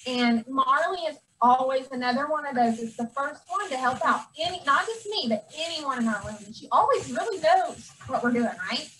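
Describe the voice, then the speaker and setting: A woman teacher handing out awards to her first-grade class, speaking with warmth and sometimes getting teary. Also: sits high, lively intonation, moderate pace, few pauses. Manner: affectionate, gets teary. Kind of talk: award ceremony speech to a class. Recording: distant camera, faint room noise.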